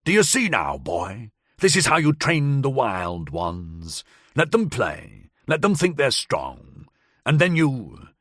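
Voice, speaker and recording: A cruel middle-aged nobleman from a storybook thriller, as the narrator puts him on, speaking low and slow with sneering menace. His voice swings widely in pitch, delivered close and dry with no room sound. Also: wildly swooping pitch, fairly bright tone, no room sound, exaggerated voice. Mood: gloating. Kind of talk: audiobook character voice.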